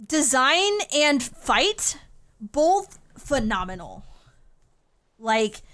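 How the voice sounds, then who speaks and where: A woman's voice: a little high, fairly bright tone, clear, resonant tone. Tired, chatty woman streaming a game. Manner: chatty, greets viewers by name, calls them sweetie. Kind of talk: casual livestream chat.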